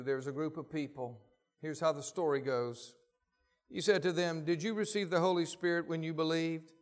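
A man delivers a sermon, moving between read scripture passages and told anecdotes. His voice sits fairly high for a man. He acts out the quotes in his stories. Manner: reads scripture aloud, then tells stories with lively voiced quotes. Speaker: pastor.

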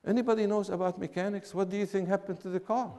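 A man, teaching a class in an emphatic, animated way and repeating his points. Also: high voice, quick pace, in a large hall. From Syria. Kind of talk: classroom lecture with banter.

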